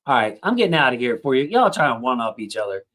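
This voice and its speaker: A man's voice: mid-range voice, big pitch swings, fast talker, fairly bright tone. A man in his thirties hosting a casual sports livestream, rambling through thanks to his chat with lots of fillers.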